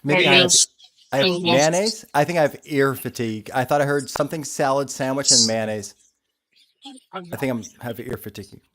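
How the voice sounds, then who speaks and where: A man hosting a live stream, chatting playfully, laughing often and softly repeating short phrases. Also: medium pitch, moderate pace. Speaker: livestream host running spirit sessions. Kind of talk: live casual commentary.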